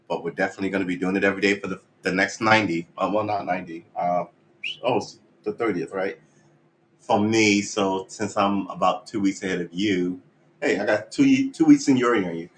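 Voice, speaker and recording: A man's voice: low-pitched, fairly bright tone, slight background noise, rough recording. A man live-streaming his guitar practice, chatting in a rambling, jokey, self-mocking way. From United States. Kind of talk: casual live-stream chat.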